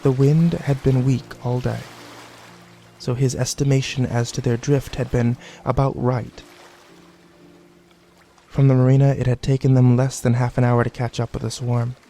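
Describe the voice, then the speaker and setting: Guy reading a novel aloud, gravelly voice, faint music under it. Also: medium pitch, level tone, moderate pace, mellow. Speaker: narrator. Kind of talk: audiobook narration.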